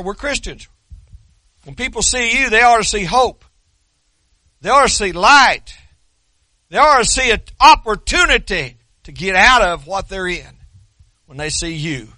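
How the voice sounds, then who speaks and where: Male pastor, sermon, high bright voice, folksy dry humor, dry close recording. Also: no echo. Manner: folksy storytelling with dry self-deprecating humor; repeats and restarts words.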